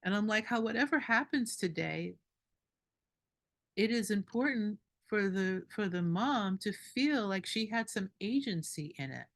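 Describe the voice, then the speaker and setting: A woman doula telling a story at a group meeting, animated and indignant, laughing between lines. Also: mid-range voice, unhurried.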